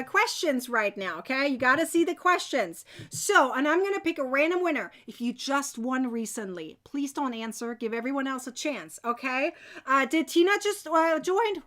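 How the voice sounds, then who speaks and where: A woman hosting a live crochet giveaway stream, chatting to viewers and cheering on winners. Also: high voice. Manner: bubbly, cheering, quick bursts of excitement. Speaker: crochet channel host running a giveaway.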